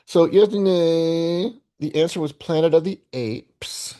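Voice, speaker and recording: A man's voice: fairly high pitch, measured pace, warm tone. A man in his sixties hosting his own video while playing a daily guessing game, chatting playfully and rambling to himself. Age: 60s. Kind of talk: casual solo commentary.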